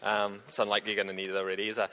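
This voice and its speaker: A man's voice: fairly low pitch, completely flat delivery, very fast, pushed and bright. A man giving a casual, humorous church talk, full of fillers and restarts as he chats with the congregation. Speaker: preacher.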